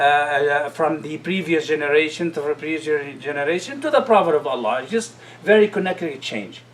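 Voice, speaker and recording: Male recitation teacher, fairly high voice, drills syllables slowly and chants verses in class. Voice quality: chants Arabic verses in a sung tone.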